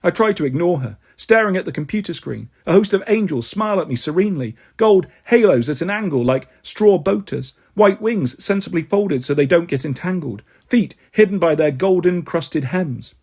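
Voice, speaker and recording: A man reading a novel aloud in an expressive audiobook style, voicing the characters himself. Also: high voice, moderate pace, few pauses, husky. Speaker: storyteller.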